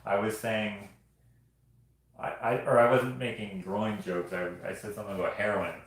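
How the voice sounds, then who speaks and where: A man streams a casual show-and-tell of his artwork from a very echoey room, rambling, joking, and laughing often. His voice is on the low side, flat, at a normal speed.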